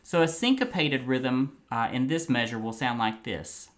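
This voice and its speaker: A man's voice: mid-range voice, expressive, normal speed. A man teaching a piano lesson, patiently explaining rhythm and counting beats aloud while he plays. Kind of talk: music lesson. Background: faint piano playing.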